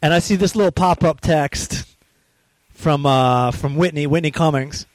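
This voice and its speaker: A man hosting a casual phone chat, an animated storyteller who swears freely and loudly acts out the people he quotes. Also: on the high side, a little slow, dry recording. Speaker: podcast host.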